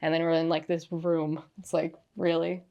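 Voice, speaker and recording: A woman's voice: sits low, little pitch movement, moderate pace, creaky, darkish tone, lo-fi sound. A young woman from Ohio who grew up in Southern California, chatting as a podcast guest, often laughing and acting out quotes. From Ohio, raised in Southern California. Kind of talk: casual interview chat.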